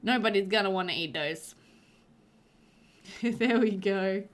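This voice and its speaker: A woman's voice: mid-range voice, slow, pauses often. A young woman casually commenting on her life-sim gameplay, chatty and doting, cooing over the pets with frequent laughter. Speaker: let's play host.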